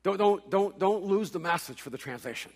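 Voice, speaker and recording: A man preaching a sermon, telling a story with playful humor and quick stammered restarts. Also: high-pitched, lively intonation. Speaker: pastor. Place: large hall with long reverb. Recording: echoey hall reverb.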